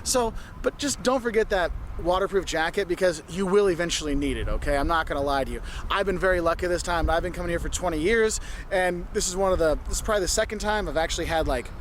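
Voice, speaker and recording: A man's voice: high-pitched, quick pace, a little hiss or hum. A male travel vlogger outdoors giving advice in an instructive way, repeating his points and checking in with "okay?".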